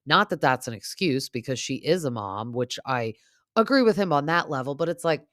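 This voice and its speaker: A woman's voice: rumbling low, animated, moderate pace, a bit bright, dry recording, clean studio sound. A young adult woman hosting a podcast, chatting casually and rambling with lots of fillers. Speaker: podcast host. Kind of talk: casual recap chat.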